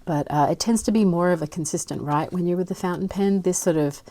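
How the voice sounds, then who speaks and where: An Australian woman chatting casually and rambling as she swatches inks, with soft murmured asides. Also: on the low side, a little fast. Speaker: fountain pen ink vlogger.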